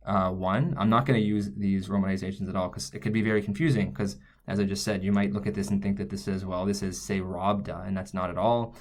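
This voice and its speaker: A man's voice: low voice, fairly even intonation, fast talker, few pauses, a little mellow. A man teaching a lesson, explaining step by step as he writes, often stopping to correct himself. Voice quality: thinking aloud, frequent self-corrections. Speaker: language teacher. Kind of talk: explaining while writing on screen.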